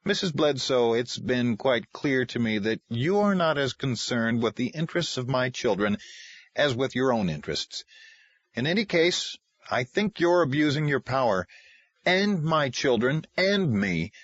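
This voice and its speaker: A man voicing a calm, measured father who speaks gently to his children. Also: mid-range voice, dry recording, voice pushed up. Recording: dry, slightly muffled lo-fi.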